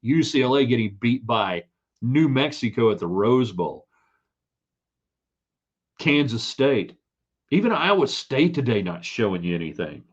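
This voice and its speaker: A sports podcast host runs a live sports stream, giving chatty, opinionated commentary that rambles and restarts. His medium-pitched, slightly rough voice swings widely in pitch, moves a little slowly, and leaves long pauses. The streaming setup mic yields slightly dull lo-fi audio.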